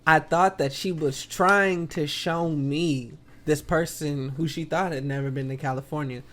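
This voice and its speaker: A man co-hosting a podcast, telling a lively anecdote in casual chat. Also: a little high, measured pace. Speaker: podcast co-host.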